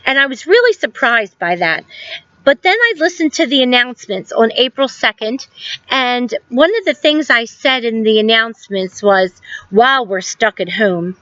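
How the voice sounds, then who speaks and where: A woman in her fifties, a school guidance counselor giving a recorded lesson to students, telling a story gently with many ums and reflective questions. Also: on the high side, expressive, moderate pace, dry recording, highs cut off. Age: 50s.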